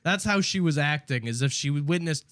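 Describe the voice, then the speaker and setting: A young man tells a story on a podcast with a fairly high, very lively voice that jumps around as he laughs. He acts things out as he goes. The sound is dry and close to the mic. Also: normal speed, no room sound. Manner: animated, laughing, acts out quotes. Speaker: podcast host. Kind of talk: casual storytelling chat.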